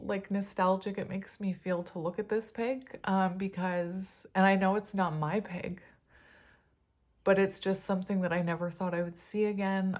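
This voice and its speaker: A woman in her forties, chatting in a rambling, casual way with frequent soft laughs as she gives a tarot reading. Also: medium pitch. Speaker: tarot reader.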